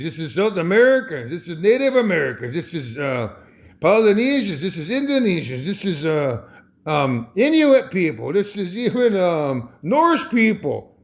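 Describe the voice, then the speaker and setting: Rambling, chuckling man with lively pitch. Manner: rambling, chuckling often, restarting phrases. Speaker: vlogger. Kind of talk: rambling monologue.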